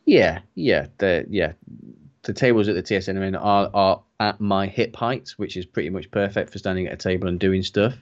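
A man chatting as a guest on a hobby stream, giving measured, reasoned opinions. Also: sits low, muffled recording. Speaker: guest co-host. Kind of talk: casual hobby chat.

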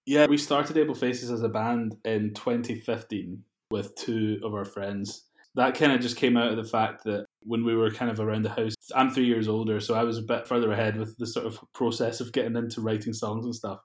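A young man chatting in an interview, relaxed and laughing often between rambling asides. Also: on the low side, brisk. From Scotland. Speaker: guest, music producer. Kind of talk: casual interview chat. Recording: roomy echo.

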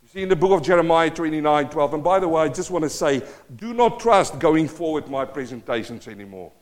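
High-voiced man preaching with fervor. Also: lively intonation, brisk. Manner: impassioned, swinging between loud exhortation and quiet pleading; repeats rhetorical questions to the congregation. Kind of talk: sermon. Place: church.

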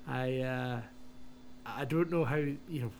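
A man's voice: mid-range voice, slow pace, a little mellow. A man with a Scottish accent chats casually as a wrestling podcast co-host. He rambles through his stories and laughs at himself, and a faint hiss of noise sits under his voice. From Scotland.

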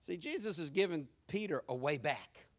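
A middle-aged man preaching a sermon, swinging from hushed asides to loud, emphatic lines. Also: a little high, animated, normal speed. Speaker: pastor.

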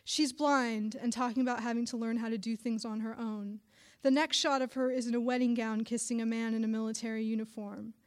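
A woman's voice: fairly high pitch, flat delivery, a little fast. A young adult woman, a writer, reading her own literary story aloud with dry, wry narration.

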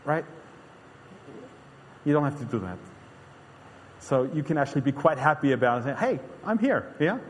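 A man's voice: medium pitch, normal speed, pauses often. Earnest preacher man in a reverberant hall. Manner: earnest, conversational, frequent restarts. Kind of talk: sermon.

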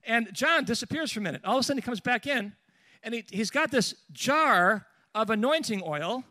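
A man preaching and telling a lively personal story, with restarts and asides along the way. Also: very high-pitched, normal speed, no echo. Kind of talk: storytelling sermon.

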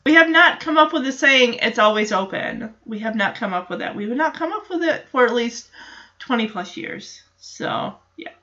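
A woman's voice: fairly high pitch, expressive, normal speed, pushed and bright, lo-fi sound. A woman hosting a podcast, recapping a sitcom episode in casual, amused chat with jokey asides.

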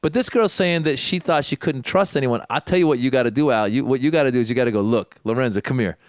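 A man's voice: mid-range voice, fast, clean tone, no echo, clean studio sound. A man from Iran co-hosting a casual comedy podcast, joking, laughing often and acting out quoted lines. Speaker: podcast co-host.

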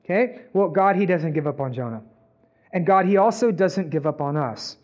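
A man's voice: on the high side, animated, moderate pace, darkish tone. A man preaching a sermon in a conversational way, often checking in with the audience. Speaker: pastor. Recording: dull, muffled sound.

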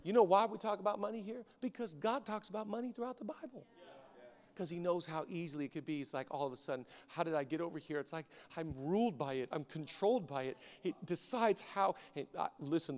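A male pastor preaching a sermon with rhythmic repetition, swinging between shouted peaks and hushed stretches. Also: fairly high pitch, fast talker, long reverb tail. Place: church auditorium.

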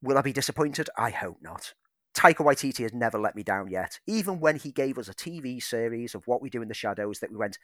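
A man at a middle pitch co-hosts a relaxed film podcast, moving from news to his own eager opinions. His voice is recorded dry and close, with no room sound. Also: quick pace, no room sound. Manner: eager, enthusiastic. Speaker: podcast co-host. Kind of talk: casual film chat.

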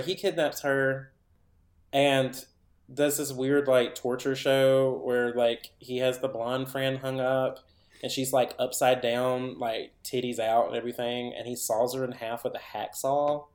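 A man's voice: medium pitch, little pitch movement, unhurried, reverberant. Rambling man recapping a horror movie. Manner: rambling, filler-heavy, acts out characters' lines. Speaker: podcast co-host.

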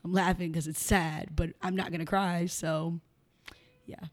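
A young woman with a fairly low voice talks to an interviewer in a blunt, candid way. She is frank and laughs often as she speaks. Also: steady tone, measured pace. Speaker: podcast guest, entrepreneur.

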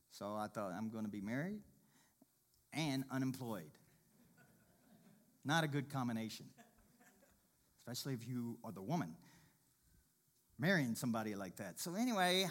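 A man telling a personal faith testimony in a sermon, shifting between quiet murmurs and loud, excited exclaiming. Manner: animated storyteller, swings from low murmurs to loud exclaiming.

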